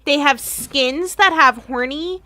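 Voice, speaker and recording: A woman co-hosting a comedy podcast, excitable and rambling, swearing freely. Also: high-pitched, slow pace, dry recording. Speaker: co-host, intern.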